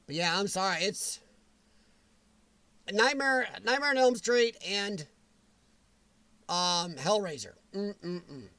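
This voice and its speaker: A man hosting a casual livestream, answering viewers' comments in a chatty, animated way with frequent chuckles. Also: high-pitched, takes it slowly, long pauses, no room sound. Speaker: livestream host.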